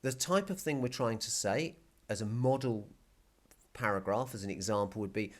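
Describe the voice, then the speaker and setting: A male Spanish teacher explaining a recorded video lesson patiently, repeating key words slowly. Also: on the low side.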